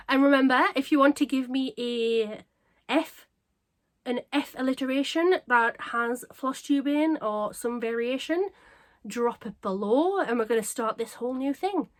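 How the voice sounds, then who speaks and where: A woman chatting casually to camera as a craft vlogger, bubbly and self-mocking, her voice a little croaky. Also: high voice, unhurried. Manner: bubbly, excitable and self-deprecating. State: slightly croaky.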